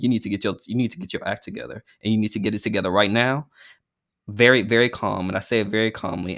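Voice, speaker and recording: A man's voice: on the low side, vocal fry, fairly bright tone. A man co-hosting a podcast in casual chat, frank and joking. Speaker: podcast co-host.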